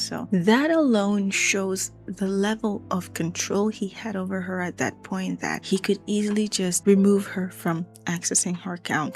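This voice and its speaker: A woman narrating a true crime case in a conversational, emphatic way. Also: medium pitch. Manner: animated, emphatic retelling.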